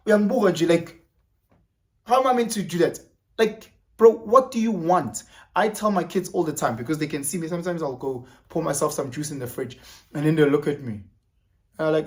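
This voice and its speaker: A man's voice: fairly high pitch, expressive, normal speed. A man with a South African accent giving a motivational monologue, emphatic and repeating key words, slipping in Zulu phrases and swearing. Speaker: motivational vlogger.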